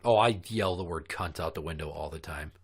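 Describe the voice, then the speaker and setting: A man's voice: low-pitched, brisk, slightly rough. Blunt, profane man on a podcast. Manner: blunt, profane, heated storytelling. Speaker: podcast co-host. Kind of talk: casual podcast chat.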